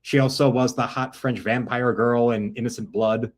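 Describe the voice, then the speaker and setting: A man's voice: medium pitch, fairly even intonation, moderate pace. A man talking in a rambling, self-correcting way while commenting on films and actors.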